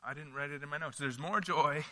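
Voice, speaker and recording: A man's voice: fairly high pitch, fairly quick, bright, forceful tone, in a large hall. A man preaching a sermon as pastor, earnest and conversational, often restarting his phrases.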